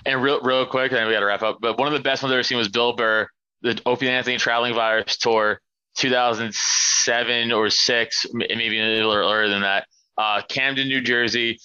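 A man, a comedian guest in a casual podcast chat, telling stories excitedly and swearing freely. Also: medium pitch, clean tone, no room sound, highs cut off.

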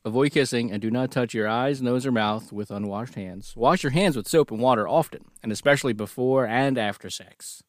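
A man's voice: mid-range voice, brisk, few pauses, dry recording, studio quality. A man co-hosting a podcast, joking and laughing as he reads notes aloud in casual banter. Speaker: podcast co-host.

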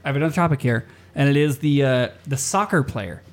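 Man, podcast host, casual chat, teasing, profane, lively pitch. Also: fast. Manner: teasing, swears a lot, laughs often.

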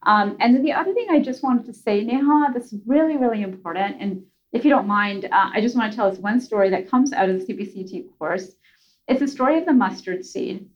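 A woman's voice: on the high side, brisk, lo-fi sound. Chatty woman guest telling a story. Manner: chatty, with many fillers and restarts. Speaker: podcast guest. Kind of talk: casual storytelling conversation.

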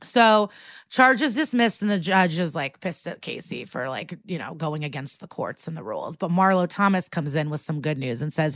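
A woman co-hosting a podcast, recapping an episode in casual chat and acting out the characters' lines with sudden pitch jumps. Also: moderate pace, no room sound, studio quality. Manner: animated, acts out quotes with pitch jumps. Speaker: podcast co-host.

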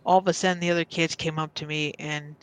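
A woman's voice: sits low, steady tone, fast, smooth. A woman guest on a podcast, casually telling a personal story and often stopping to restart or repeat her words.

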